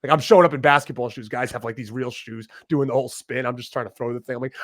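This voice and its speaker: Animated man telling stories, dry sound. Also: mid-range voice, fast, no room sound. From Rhode Island. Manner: animated, laughing storyteller with frequent restarts. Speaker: podcast guest, professional wrestler. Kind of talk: casual storytelling interview.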